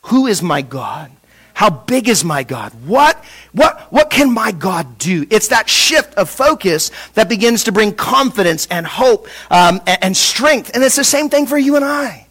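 A middle-aged man preaching a lively sermon in a notably high voice. He talks in a conversational way, acts out the people he quotes, and stops to restart his sentences now and then. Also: measured pace, husky. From Southern California. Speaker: pastor.

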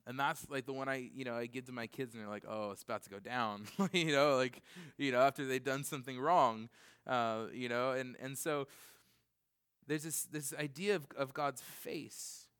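A man's voice: mid-range voice, moderate pace, a bit bright, clean tone. A man preaching a casual sermon to a congregation. He rambles with lots of "like" and "you know" and briefly acts out other voices. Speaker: pastor. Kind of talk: conversational sermon. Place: church, in front of a congregation. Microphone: recorded for CD and computer.

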